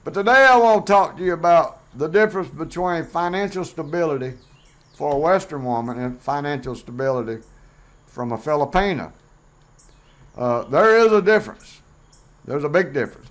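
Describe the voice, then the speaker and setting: A man's voice: a little high, lively intonation, a little fast. A middle-aged man talking bluntly and plainly in a casual vlog monologue, rambling with fillers. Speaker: vlogger host.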